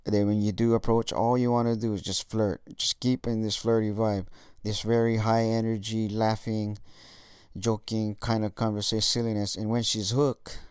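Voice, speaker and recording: A man's voice: on the low side, little pitch movement, normal speed, a little mellow, clear, resonant tone, no room sound, clean studio sound. A young man giving casual dating tips in a monologue, swearing often and using lots of fillers. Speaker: dating coach vlogger.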